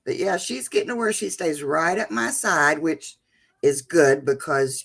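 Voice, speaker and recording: A middle-aged woman hosts a relaxed livestream, chatting to her viewers and greeting each one by name with sweet endearments. Her voice has a gravelly, creaky edge. She takes her time, talking at an unhurried, easy pace. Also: low-pitched. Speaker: livestream host. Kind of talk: casual livestream chat.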